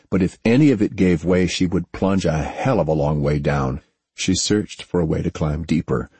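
Deep husky male narrator. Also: darkish tone, dry recording. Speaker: audiobook narrator. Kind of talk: scripted narration.

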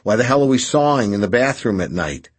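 A man reading an audiobook, voicing a brisk, bossy young wife in a sharp, scolding manner. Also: mid-range voice, sing-song, husky, pitched above the performer's own voice. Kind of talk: audiobook character voice.

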